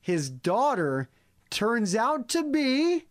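High-voiced man retelling a movie. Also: extremely slow. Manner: animated storyteller who acts out characters' lines. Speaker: podcast host. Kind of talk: casual comedic movie review.

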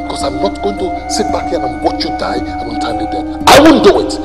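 An actor with a Nigerian accent playing a proud, quick-tempered rich chief and husband in a film drama, talking with emphatic, indignant outbursts. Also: male voice, on the high side, wildly swooping pitch, long reverb tail, over loud music. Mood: angry.

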